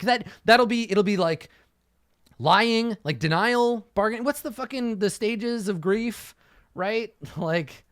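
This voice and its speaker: A man's voice: high-pitched, a bit bright, dry recording, clean studio sound. A man talking casually as a game master, thinking aloud while he prepares a campaign session, swearing freely and acting out quotes. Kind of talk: casual solo campaign prep talk.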